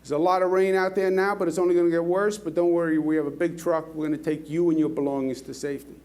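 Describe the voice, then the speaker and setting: A man's voice: on the high side, flat delivery, fast talker, a little mellow, lightly acted. A man voicing county officials who urge a farmer to safety, urgent and reassuring. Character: pleading group of county rescue officials.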